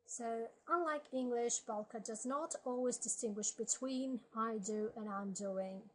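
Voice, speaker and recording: A woman teaching a language lesson, slowly reading word lists aloud and explaining grammar step by step. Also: fairly high pitch, slight background noise, poor audio. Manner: slow, methodical, reads word lists aloud.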